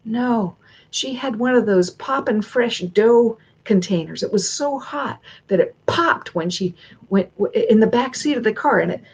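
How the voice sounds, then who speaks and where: A woman's voice: mid-range voice, darkish tone, breathy edge. A woman storyteller leading a workshop, talking in a chatty, digressive way with many restarts, over dull lo-fi stream audio. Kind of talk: casual instructional talk.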